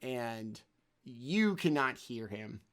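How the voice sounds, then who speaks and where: A man narrating a tabletop role-playing game as game master, in a loose, unhurried way full of fillers. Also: medium pitch, expressive, a bit bright.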